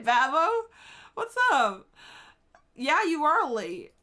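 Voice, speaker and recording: A woman's voice: mid-range voice, animated, moderate pace, a bit bright. A woman streaming live, chatting casually with her viewers, swearing freely and laughing often.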